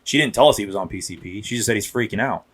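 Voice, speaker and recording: A man in his thirties, a cop, chats on a podcast with rambling anecdotes full of restarts and acted-out quotes. He speaks very fast in a fairly low voice that has a breathy edge.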